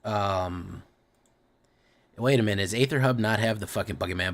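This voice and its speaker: A man's voice: lowish voice, fairly quick. A man streaming live, chatting casually with viewers, rambling and swearing freely.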